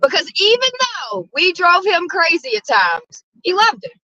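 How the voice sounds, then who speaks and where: A woman hosting a casual livestream chat from a car, talking loudly with lots of profanity and frequent laughter. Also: very high voice, sing-song, moderate pace, no room sound, lo-fi sound. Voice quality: loud, profane, laughing often. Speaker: livestream host.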